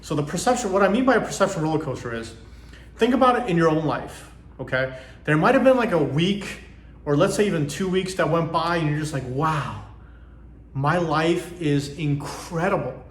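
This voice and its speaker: Man, channel host, casual motivational talk, rambling, lots of fillers, slightly high voice, echoey room. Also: animated, fast, slight background noise. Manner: rambling, many fillers, acts out quoted reactions.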